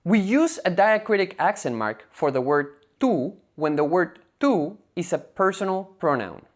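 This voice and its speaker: Female language teacher with a faint Spanish-speaking accent, low, lively voice, methodical scripted delivery. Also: unhurried. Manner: clear, methodical explaining. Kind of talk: scripted lecture narration.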